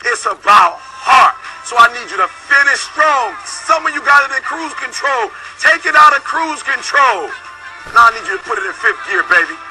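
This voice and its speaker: A man giving a fiery motivational pep talk, preacher-like, punching his points with repeated "baby" and "boom". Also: lively intonation, normal speed, over music, poor audio. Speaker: motivational speaker.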